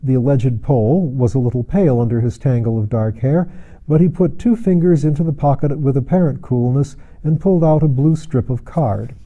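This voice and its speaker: A man reading a novel aloud as a narrator, measured and steady, acting out the dialogue. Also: medium pitch, muffled recording. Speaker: audiobook narrator. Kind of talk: scripted narration.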